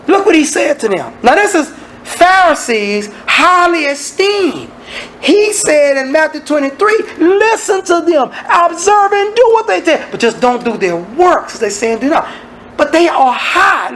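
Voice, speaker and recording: A man's voice: extremely high pitch, a bit bright, a little hiss or hum, low-quality recording. A man teaching a Bible study, asking his listeners one rhetorical question after another. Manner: preachy, asks many rhetorical questions.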